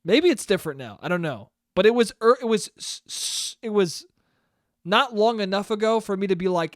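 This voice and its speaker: A man's voice: high voice, animated, moderate pace, no echo, studio quality. A man in his twenties hosting a casual solo podcast, rambling and self-deprecating, swearing freely. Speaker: podcast host.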